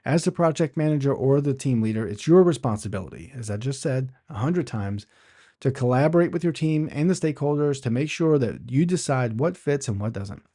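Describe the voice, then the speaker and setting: Mellow-voiced man teaching project management. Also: medium pitch, expressive, a little fast. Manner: conversational teaching with rhetorical questions; restarts phrases often. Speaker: podcast host. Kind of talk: instructional podcast talk.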